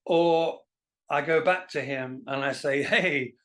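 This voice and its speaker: A man, a guest musician telling self-deprecating stories in a relaxed interview. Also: on the high side, unhurried. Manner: animated anecdotal, self-deprecating. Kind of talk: casual storytelling interview.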